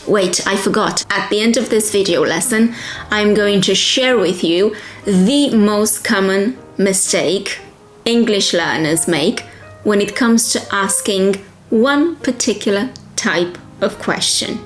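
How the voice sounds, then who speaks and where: A woman teaching English, speaking slowly and deliberately and repeating phrases for learners to say after her. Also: medium pitch, roomy sound, faint music behind. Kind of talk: pronunciation drill lesson.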